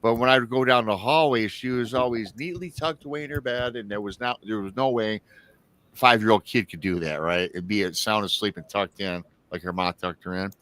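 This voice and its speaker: A man's voice: lowish voice, brisk, fairly bright tone. Rambling man in his forties telling a ghost story. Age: 40s. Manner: rambling, with many restarts and asides to listeners. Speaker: show host. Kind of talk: casual storytelling on a live show.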